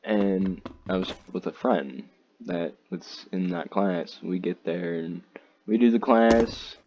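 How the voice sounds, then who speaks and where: A low-voiced teenage boy drawls through a casual, rambling storytime, swearing freely and leaning on "like" and "dude". His pace is unhurried and laid-back. The audio is a bit dull and lo-fi with a faint hiss underneath. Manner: rambling, profane, frequent "like" and "dude".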